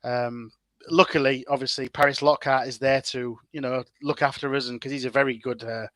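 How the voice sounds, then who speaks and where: Bright-voiced chatty man. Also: mid-range voice, level tone, fairly quick, dry recording. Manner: chatty, lots of fillers and restarts. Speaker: guest content creator. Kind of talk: casual interview chat.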